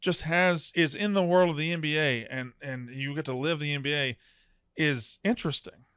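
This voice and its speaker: A blunt, animated man co-hosting a film review chat, arguing his points with energy. His voice is fairly high and smooth, recorded dry and close with little room sound. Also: no echo. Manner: blunt, animated, quick to argue. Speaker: podcast co-host. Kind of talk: casual movie review chat.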